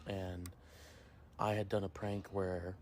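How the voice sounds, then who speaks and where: A man on a casual podcast, telling a prank story with lots of energy. When he quotes people he jumps into high squeaky voices. A faint hiss sits under the recording. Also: little pitch movement, slow, darkish tone. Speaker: podcast co-host.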